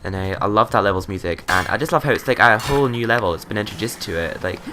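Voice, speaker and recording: A man's voice: fairly low pitch, animated, quick pace, noisy background. A young man chatting and joking casually while commenting on a video game he plays. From Scotland. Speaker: let's play commentator.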